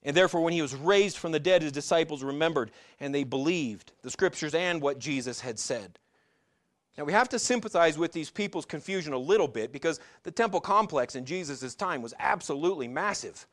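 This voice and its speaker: A male pastor in middle age preaches in a fairly high voice. He talks to the congregation as if chatting, puts question after question to them, and drags out the lines he wants to land. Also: animated. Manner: conversational preaching with rhetorical questions and slowed emphatic lines. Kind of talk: sermon.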